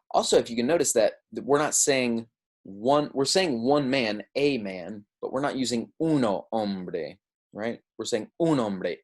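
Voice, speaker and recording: A man teaching a beginner language lesson, patiently explaining and often checking in with "right?" and "okay?". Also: medium pitch. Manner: says Spanish words slowly and clearly for the learner. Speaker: Spanish teacher.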